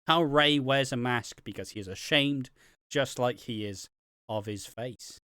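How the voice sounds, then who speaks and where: A man's voice: mid-range voice, measured pace, bright, forceful tone, smooth, dry recording, studio quality. A man co-hosting a wrestling review podcast, chatting casually with sarcastic, sweary asides and frequent laughs. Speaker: podcast co-host.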